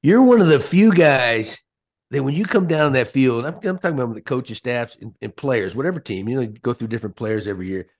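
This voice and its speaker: A man hosting a podcast chat, animated and folksy, often repeating his words. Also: medium pitch, fairly quick. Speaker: podcast host. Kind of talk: casual chat.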